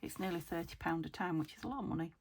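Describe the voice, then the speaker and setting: A woman's voice: fairly low pitch, racing. A woman casually chatting to herself as she works on a junk journal, thinking aloud and often slipping into a whisper. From United Kingdom. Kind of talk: casual crafting chat.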